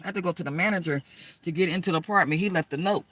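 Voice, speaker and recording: A woman telling personal stories in an animated, emphatic way, with slang, swearing and asides to listeners. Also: fairly low pitch, very fast, no echo. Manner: animated, emphatic, addresses listeners as girl and y'all; slangy, profane, rambling. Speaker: storyteller. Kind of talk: casual personal storytelling.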